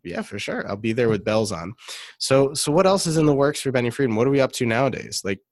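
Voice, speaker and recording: A man's voice: mid-range voice, expressive, fast talker, dry recording. A man hosting a casual interview, chatty and prone to repeating himself as he asks questions. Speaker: interview host.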